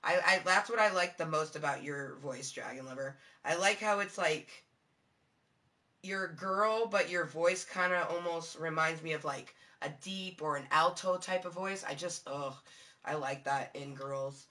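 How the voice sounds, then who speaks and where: Bright-voiced, rambling woman streamer. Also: measured pace. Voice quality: low-toned for a woman. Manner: rambling, profane, giggly, many fillers. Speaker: live streamer. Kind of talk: casual live-stream chat with viewers.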